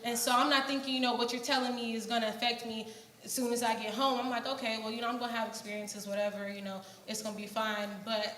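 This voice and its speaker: In an echoey church hall with faint noise, a young woman gives an earnest testimony about her mission trip, telling her story with many fillers. Her voice is on the high side and a bit bright, with flat delivery and fast speech.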